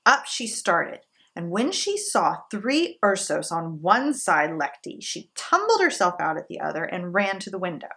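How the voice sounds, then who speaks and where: A woman hosting a storytime, reading a children's story aloud in an expressive, playful way. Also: fairly low pitch. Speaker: storytime host.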